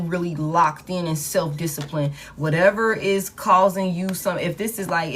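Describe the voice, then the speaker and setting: A woman with a slightly low voice gives a casual tarot reading. She talks in a slangy, emphatic way and repeats her points to drive them home. Faint background noise sits under the voice. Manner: repetitive, emphatic, slangy pep talk. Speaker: tarot reader.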